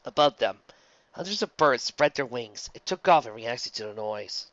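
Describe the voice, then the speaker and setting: A wry, animated reader narrating a fan story aloud, on a dull lo-fi recording. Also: medium pitch, normal speed, no room sound.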